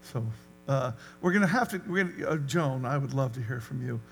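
A man's voice: mid-range voice, animated, brisk, vocal fry, soft background music. A man leading a church prayer gathering, affirming speakers and calling on the next. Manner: affirming, encouraging responses. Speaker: prayer meeting leader. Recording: faint hum.

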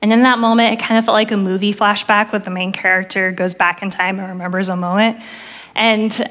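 Woman, 30s, church speaker; earnest testimony storytelling, hushed on quoted prayers. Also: medium pitch, steady tone, brisk. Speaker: preacher sharing testimony. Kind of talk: sermon testimony.

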